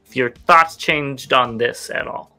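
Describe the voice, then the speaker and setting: A man co-hosting a casual toy news show, running through items with quick, relaxed asides. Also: medium pitch, faint music behind. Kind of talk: casual chat.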